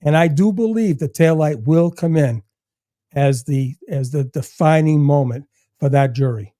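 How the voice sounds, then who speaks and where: Older man, dark voice. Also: on the high side, measured pace, no echo, clean studio sound. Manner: animated storyteller, swears freely. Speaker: guest, retired federal agent. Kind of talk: casual chat.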